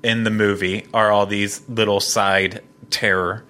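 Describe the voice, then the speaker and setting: Bright-toned man chatting enthusiastically. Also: on the low side, little pitch movement, measured pace. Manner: enthusiastic, rambling with restarts. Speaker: podcast host. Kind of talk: casual podcast chat.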